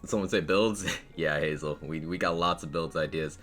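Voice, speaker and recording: A man's voice: very deep voice, normal speed, fairly bright tone, soft background music. A man streaming a game live, chatting casually with his viewers, a little out of breath, laughing often as he greets them one after another. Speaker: game streamer reading chat.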